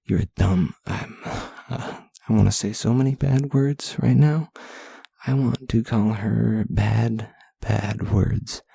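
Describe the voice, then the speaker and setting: A man's voice: fairly low pitch, steady tone, takes it slowly, creaky, mellow, husky, dry recording. A young man hosting a solo podcast, ranting and rambling casually with self-deprecating asides. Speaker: podcast host.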